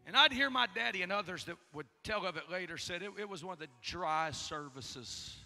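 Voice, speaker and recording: A man from Southeast Texas, preaching a sermon as a folksy story that moves between hushed and shouting. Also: high voice, lively intonation, a little fast. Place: church sanctuary. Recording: reverberant church hall with music.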